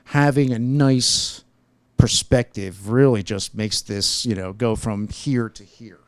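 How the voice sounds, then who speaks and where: A man's voice: medium pitch, takes it slowly, no room sound. An American man hosting a podcast interview, asking eager, friendly questions. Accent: American English. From United States. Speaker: podcast host. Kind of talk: casual interview.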